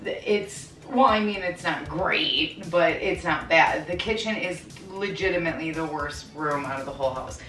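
A woman's voice: deep voice, normal speed, hardly any pauses. A woman filming herself cleaning her kitchen at home, chatting and rambling to herself and laughing at her own remarks. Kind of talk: casual chatty self-talk while cleaning. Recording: echoey room, from far off, with music. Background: background music.

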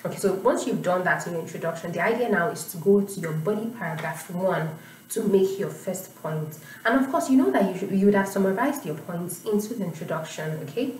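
A woman's voice: lowish voice, expressive, a little fast, darkish tone, a little hiss or hum. A woman teaching an IELTS writing lesson, patiently explaining and checking in with "you know" and "okay?". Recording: echoey room, voice a bit far from the mic.

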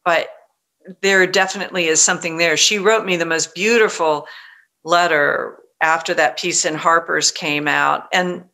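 A middle-aged woman novelist telling stories in a conversational interview, animated and full of restarts. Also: lowish voice, moderate pace. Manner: animated, frequent restarts, quotes others in lively voice. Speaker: novelist guest.

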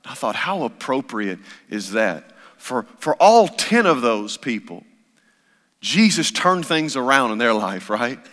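A man's voice: mid-range voice, sing-song, a little slow, fairly bright tone. A man preaching a sermon as pastor, impassioned and repetitive in his delivery. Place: church sanctuary. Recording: long church hall reverb.

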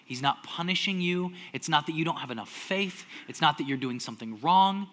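Male pastor, young adult, high pitch, bright tone, sermon, loud-to-hushed swings. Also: fairly quick. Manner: animated, swings from loud acted-out outbursts to hushed near-whispers.

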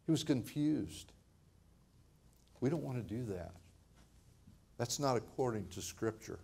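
Older pastor preaching casually. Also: male voice, mid-range voice, lively intonation, a little slow, creaky, darkish tone, husky. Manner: conversational, repeats words, laughs often. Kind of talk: sermon.

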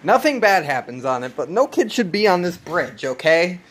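A man's voice: high-pitched, big pitch swings, normal speed, a bit bright. A man hosting a casual, profane movie recap, laid-back and laughing often. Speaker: host.

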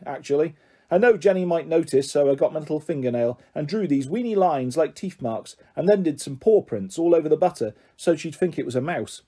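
A man narrating a children's book aloud in the first person, with lively, expressive storytelling. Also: a little high, husky.

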